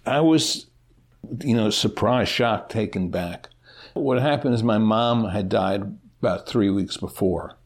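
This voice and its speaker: A middle-aged man, a teacher, answering interview questions about his life in a halting way, often restarting and repeating words. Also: lowish voice, husky.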